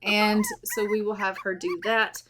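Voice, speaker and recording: Woman, chatty let's play commentary, doting tone, mid-pitched voice, casual gaming narration. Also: level tone, unhurried, background noise. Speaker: gaming channel host.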